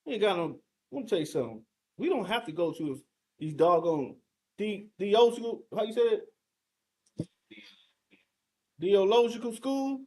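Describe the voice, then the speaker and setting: A man's voice: high-pitched, expressive, measured pace, long pauses, darkish tone. A man teaching a fiery scripture breakdown, emphatic and confrontational, firing rhetorical questions and mild curses at his listeners.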